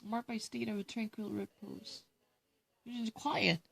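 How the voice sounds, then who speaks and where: Korean-accented woman, gravelly husky voice, casual vocab study, reads word and definition then explains. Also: medium pitch, fairly even intonation, unhurried, fairly bright tone.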